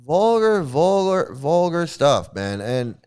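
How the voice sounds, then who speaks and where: Male vlog host, fairly high smooth voice, loose rambling delivery with restarts, blunt and coarse. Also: big pitch swings, slow, a little mellow. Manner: rambling, repeats and restarts words; blunt and profane. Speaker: commentary channel host. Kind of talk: casual rambling commentary.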